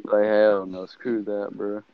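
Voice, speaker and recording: A man's voice: lowish voice, monotone, takes it slowly, clear, resonant tone, no echo. A man telling a rambling, joking story in a casual group chat, full of slang. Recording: slightly dull lo-fi sound.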